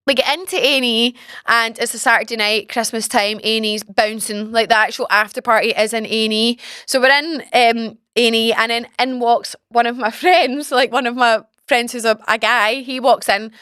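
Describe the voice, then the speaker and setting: Young woman host, chatty storyteller, pitched a little high, dry close sound. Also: moderate pace, smooth, no echo. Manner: chatty, animated, swears freely. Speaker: podcast host. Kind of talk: casual storytelling chat.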